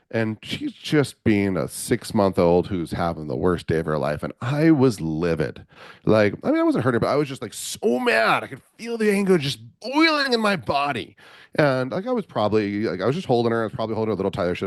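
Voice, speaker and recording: Male coach guest, middle-aged, low voice, rapid animated storytelling, dry studio sound. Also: dry recording. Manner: animated storyteller, acts out quotes. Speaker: podcast guest, men's coach. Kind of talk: storytelling interview.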